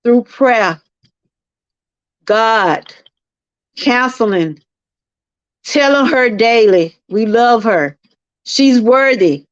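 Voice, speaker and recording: A woman's voice: a little high, animated, very slow, long pauses, dry recording. A middle-aged woman with a Southern US accent hosting a live-stream testimony talk, earnest and preachy, repeating herself and speaking to her viewers. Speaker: channel host. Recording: dry, slightly muffled lo-fi sound.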